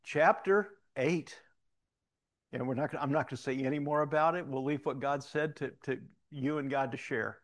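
A man's voice: mid-range voice, fairly even intonation, brisk. A man in his sixties with a Southern-tinged Missouri accent, giving a folksy, anecdotal talk from the front of a church. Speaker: church leader.

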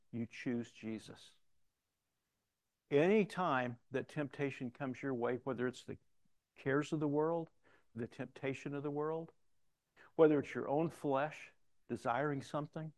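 A man's voice: on the high side, measured pace, dry recording. Older man preaching a casual sermon, dry sound. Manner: conversational storytelling preacher, quotes scripture references.

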